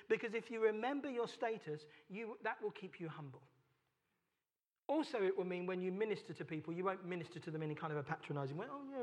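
A man's voice: sits high, a bit bright. A man with a London accent preaching a sermon, emphatic and repetitive, asking rhetorical questions. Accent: London English. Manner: emphatic, repeats key phrases, rhetorical questions. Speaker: pastor.

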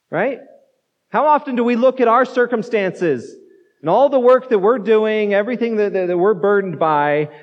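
A man with a fairly high voice preaches to his congregation, talking through the point conversationally and leaning on rhetorical questions. His voice hangs in the long reverb of a church sanctuary, and the recording sounds muffled and low in fidelity. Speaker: pastor. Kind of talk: sermon.

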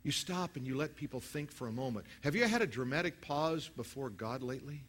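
Brisk and expressive, with a breathy edge, a male preacher addresses his church, swinging from loud, emphatic declarations to low, hushed prayer. He also leads everyone in saying prayers aloud.

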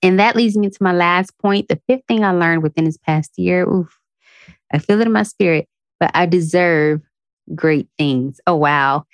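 A woman's voice: on the low side, normal speed, clear, resonant tone, dry recording. A woman hosting a podcast, giving an earnest, emotional motivational talk full of affirmations, speaking to her listeners like a friend. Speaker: podcast host. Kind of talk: motivational self-help talk.

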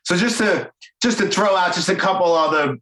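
A man hosting a casual interview podcast, an eager listener who chimes in with quick short reactions. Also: sits high, fairly bright tone, roomy sound, low-quality recording. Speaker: podcast host.

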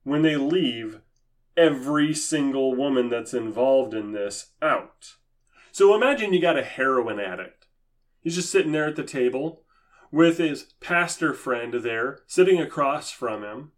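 A man's voice: medium pitch, lively intonation, a little slow. A man giving impassioned religious commentary, sarcastic and emphatic in a preachy manner. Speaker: Christian commentator.

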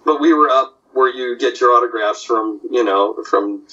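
A man's voice: medium pitch, normal speed, far from the mic, muffled recording. An older man, a comic artist, telling stories in casual talk and putting on voices for the people in them. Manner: animated, puts on voices in anecdotes. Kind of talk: casual storytelling.

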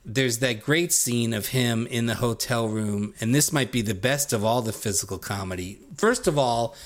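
A man's voice: medium pitch, moderate pace. A man co-hosting a podcast, retelling comedy scenes from a film with enthusiasm. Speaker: podcast co-host. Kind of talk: casual film discussion.

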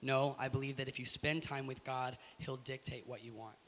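American man as interview guest; lively and emphatic, bright tone, long room reverb. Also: medium pitch, normal speed. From United States. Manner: animated, emphatic, laughs through his story. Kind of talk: animated storytelling in an interview. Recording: echoey room with faint hiss.

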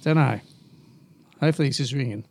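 A man, co-hosting a casual beer podcast with quick joking banter. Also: medium pitch, vocal fry, a little mellow. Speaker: podcast co-host. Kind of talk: casual chat.

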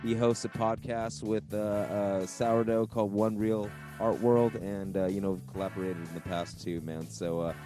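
A man's voice: on the low side, steady tone, normal speed, few pauses, over music. A man co-hosting a podcast, laid-back and filler-heavy, with lots of "man" and "you know". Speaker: podcast co-host. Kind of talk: casual chat.

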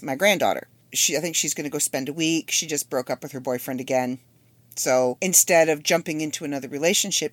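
A woman's voice: fairly low pitch, no echo. A woman in her fifties hosting a solo podcast, chatty and rambling with wry asides. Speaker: podcast host. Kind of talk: casual solo podcast monologue.

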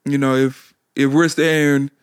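A man co-hosting a podcast, thinking aloud reflectively and pausing often. His voice is smooth and clear at a middle pitch, and the recording is dry. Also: little pitch movement, dry recording. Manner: reflective, halting, many fillers. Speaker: podcast co-host. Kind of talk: casual podcast talk.

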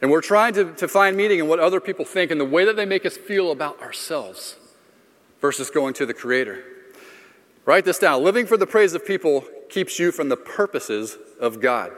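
A man's voice: on the high side, animated, moderate pace, fairly bright tone. Man preaching in a reverberant hall. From Florida. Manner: conversational storyteller, self-deprecating humor. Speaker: pastor. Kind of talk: sermon with personal story.

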